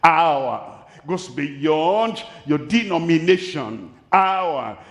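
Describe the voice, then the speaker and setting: Slow Nigerian preacher in an echoing hall. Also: male voice, a little high, animated. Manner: slow, deliberate preaching with repeated phrases. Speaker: pastor. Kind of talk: sermon. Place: large crusade venue. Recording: echoey hall, voice from a distance.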